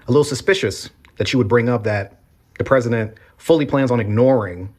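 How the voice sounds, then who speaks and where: A man giving political commentary in a steady, plain-spoken, argumentative way. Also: medium pitch, husky. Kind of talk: reaction commentary.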